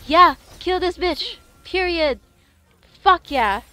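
A young woman, livestreaming a game in casual chat, excitable and cursing with sudden loud outbursts. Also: very high-pitched, takes it slowly, soft background music. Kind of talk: casual gaming stream chat.

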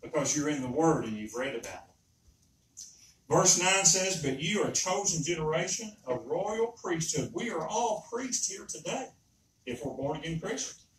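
A man's voice: fairly high pitch, lively intonation, moderate pace, a bit bright. Male preacher, emphatic and repetitive, distant mic in a roomy church with faint background hiss. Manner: earnest, emphatic, repeats himself. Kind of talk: sermon. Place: church sanctuary. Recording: roomy echo, speaker far from mic.

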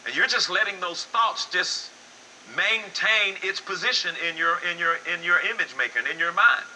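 An older man delivers a sermon. His voice is very bright and forward, and he swings from low, hushed lines to loud, high-pitched exclamations. A faint noise sits under the recording. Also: moderate pace, poor audio. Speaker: pastor.

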